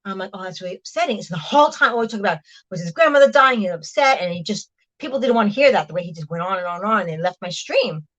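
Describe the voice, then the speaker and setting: A woman's voice: mid-range voice, animated, fast, fairly bright tone, muffled recording. A woman casually chatting to her livestream viewers while she cooks in her kitchen, rambling with lots of fillers and "hang on"s, often drifting away from the mic. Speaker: livestream host. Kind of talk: casual chat while cooking. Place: home kitchen, moving between rooms. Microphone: device mic, often at a distance.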